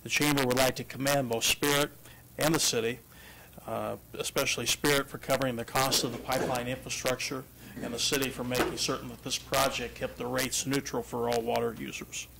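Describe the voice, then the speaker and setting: A man's voice: medium pitch, flat delivery, brisk, gravelly, background noise. A man who heads a business chamber, reading a formal prepared statement at a council podium. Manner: formal, read-out delivery. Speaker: chamber of commerce president.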